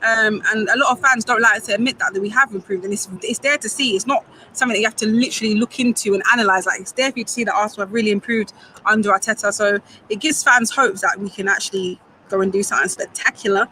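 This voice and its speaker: A young woman chats brightly on a live stream, reading out viewers' comments and firing back playful banter. She is from Grenada and Saint Vincent and speaks outdoors by a football ground, with faint traffic humming behind her. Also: medium pitch, fast, rough recording. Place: outdoors near a football stadium.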